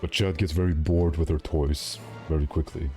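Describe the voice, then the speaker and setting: A man's voice: a bass voice, little pitch movement, moderate pace, over music. A male streamer chatting casually and rambling, with self-mocking jokes while he plays. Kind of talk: casual gaming stream chat.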